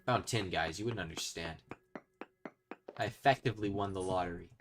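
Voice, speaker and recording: A young man giving casual commentary while he plays a video game. He swings from quiet muttering to yelling when he is excited. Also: low-pitched, normal speed, over music. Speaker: gaming video host. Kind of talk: casual let's-play commentary.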